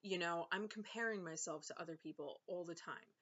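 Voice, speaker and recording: A woman's voice: lowish voice, fairly quick, fairly bright tone. Exasperated young woman ranting at home. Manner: exasperated, sarcastic, lots of fillers. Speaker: vlogger and author. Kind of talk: casual ranting vlog. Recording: slightly dull lo-fi sound.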